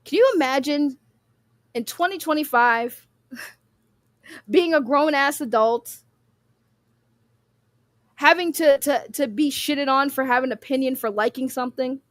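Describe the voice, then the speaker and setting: Female stream host, emotional and profane, slightly high voice, dry close-miked sound. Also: moderate pace, no echo. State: emotional, near tears. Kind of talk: livestream rant reading chat.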